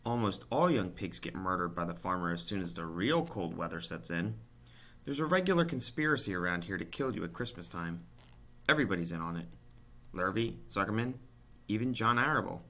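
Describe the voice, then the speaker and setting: A man's voice: low-pitched, expressive, a little fast, sharp tone, heavily acted. A man voicing an old female sheep who talks in a blunt, weary, matter-of-fact way.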